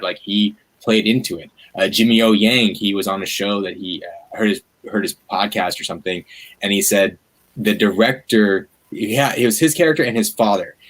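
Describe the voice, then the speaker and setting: Guest man on a video call, low-pitched, lively and rambling, full of fillers. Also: rough recording. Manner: animated, rambling with many fillers. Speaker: guest, media activist. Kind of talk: livestream conversation.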